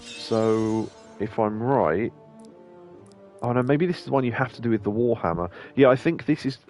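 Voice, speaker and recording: A man's voice: mid-range voice, normal speed, darkish tone, soft background music. A man hosting a game stream, commenting in a chatty, rambling way, laughing often and occasionally swearing. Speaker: streamer host. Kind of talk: let's play commentary.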